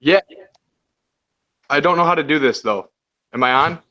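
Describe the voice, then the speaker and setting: A man's voice: a little high, normal speed, a little hiss or hum. A man from Michigan, a hesitant guest in a casual livestream chat. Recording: muffled lo-fi mic.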